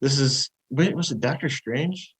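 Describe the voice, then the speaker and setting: A man guesting on a podcast as a movie reviewer, chatting in an animated way and jumping up in pitch when he quotes himself. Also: unhurried, slightly rough, low-quality recording. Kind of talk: casual podcast chat.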